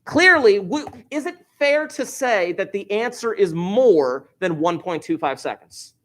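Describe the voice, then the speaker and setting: A man's voice: high-pitched, expressive, unhurried, a bit bright. A man teaching a math lesson to a class, explaining step by step with wry, joking asides.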